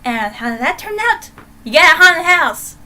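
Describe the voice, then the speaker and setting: A young woman giving a casual, chatty book review in a vlog, animated and full of fillers. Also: extremely high pitch, normal speed, slight background noise, low-quality recording.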